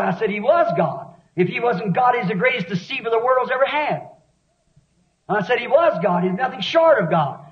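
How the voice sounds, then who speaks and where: A man preaching a sermon with fervent intensity, often shouting and then dropping low for dramatic effect. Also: animated, moderate pace. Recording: dull lo-fi old sermon recording.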